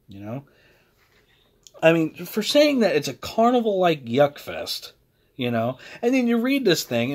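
Animated man ranting with lively pitch. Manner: blunt, animated, heated, self-interrupting. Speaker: host. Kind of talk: opinionated rant.

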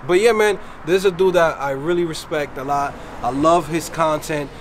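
A man's voice: a little high, moderate pace. Hyped New man vlogging outdoors. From Dominican Republic. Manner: slangy and hyped, lots of "man" and "you already know". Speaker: vlog host. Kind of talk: casual street vlog chat. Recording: outdoor street noise behind the voice.

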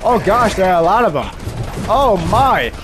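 A man giving excitable let's-play commentary who yelps and shouts during fights. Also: sits high, moderate pace. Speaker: game streamer. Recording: noisy game audio behind the voice.

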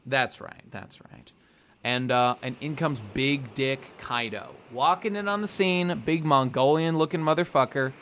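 A man's voice: mid-range voice, moderate pace, few pauses, a bit bright, slight background noise. A man co-hosting a podcast in casual chat, rambling and swearing as he recaps and acts out bits of the story. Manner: rambling, profane, acts out characters' lines. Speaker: podcast co-host.

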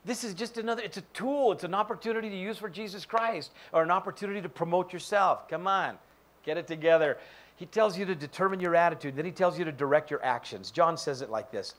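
A man's voice: high voice, quick pace. A male pastor giving a sermon in church, joking and acting out quoted voices. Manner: animated, jokey, acts out quoted voices. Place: church sanctuary.

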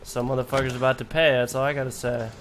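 A man's voice: medium pitch, flat delivery, quick pace, noisy background. A man hosting a let's play, giving joking, sarcastic commentary while swearing casually. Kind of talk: gameplay commentary. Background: game music.

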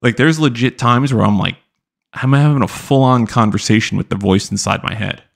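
A man's voice: mid-range voice, moderate pace, vocal fry. A young man hosting a live-streamed podcast, telling rambling stories full of fillers. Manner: rambling, animated storytelling with many fillers. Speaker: podcast host. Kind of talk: casual live-stream chat.

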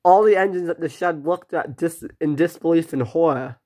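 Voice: mid-range voice, moderate pace, warm tone. Amateur toy train story narrator. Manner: plain, unpolished read.

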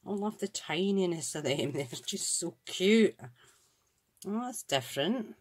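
Husky and on the low side, her expressive voice keeps a measured pace. The Scottish woman hosts a crafts channel and chats casually while opening and examining craft supplies, gushing with admiration and thinking aloud.

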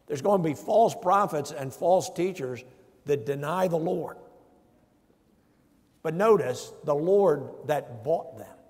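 A man's voice: a little high, a little mellow, breathy edge. A man, a pastor, preaching a sermon emphatically and putting rhetorical questions to his congregation in a church. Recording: long church reverb.

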